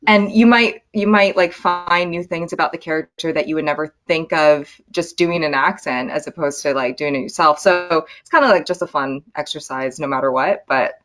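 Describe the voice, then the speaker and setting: A woman with a notably low-pitched voice speaks as an interview guest. She talks casually and reflectively, often pausing on fillers and restarting her sentences. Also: a bit bright. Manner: thoughtful, lots of filler and restarts. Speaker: actress guest.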